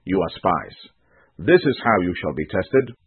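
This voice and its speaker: A man's voice: deep voice, expressive, a little slow, slightly rough, dry recording, heavily acted. A man reading the lines of a stern male governor who tests strangers, in a commanding, solemn manner over a tinny recording. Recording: tinny phone-like dry recording.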